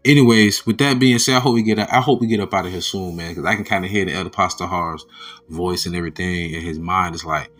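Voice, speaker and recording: A man hosting a casual spiritual talk, telling stories loosely and jumping from loud quoted voices to quiet asides, with frequent laughs. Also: low voice, fast talker. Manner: laughs often between sentences. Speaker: religious video host.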